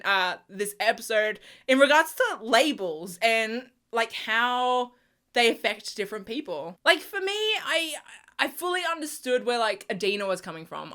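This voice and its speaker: A woman's voice: fairly high pitch, sharp tone, smooth. A woman reviewing a TV episode in casual chat, gushing and emotional, laughing and swearing, with lots of "like" and restarts. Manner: fillers like "like" and restarts. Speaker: TV review vlogger.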